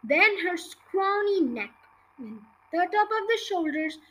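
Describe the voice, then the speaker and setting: Podcast reader: woman, expressive children's-book narration, bright tone. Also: extremely high pitch, slow pace, rough recording. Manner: expressive, lively read-aloud. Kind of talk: reading a children's book aloud.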